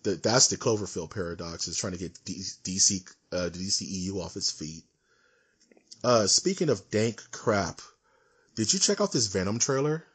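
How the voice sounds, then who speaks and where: Husky man ranting on a podcast. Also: low voice, moderate pace. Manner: animated, ranting, emphatic. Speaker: podcast co-host. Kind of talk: casual chat.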